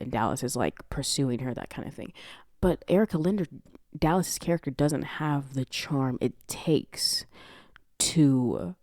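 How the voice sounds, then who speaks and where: A woman hosting a podcast, reviewing a movie in casual chat, talking in an animated, profane way. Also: low voice, normal speed, dry recording, studio quality. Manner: profane, animated, laughs often. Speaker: podcast host.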